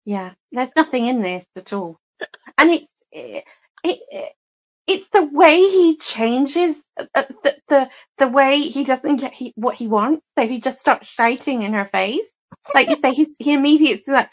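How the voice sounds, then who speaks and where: A woman's voice: sits high, animated, measured pace. A woman co-hosting a podcast, chatting casually with hesitant restarts. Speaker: podcast co-host. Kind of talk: casual chat.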